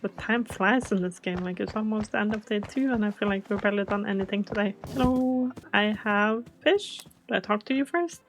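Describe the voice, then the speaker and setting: A woman hosting a gaming video, chatting casually and softly, often puzzled by the game. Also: medium pitch, brisk, hardly any pauses. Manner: soft-spoken, chatty, easily confused. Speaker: gaming channel host.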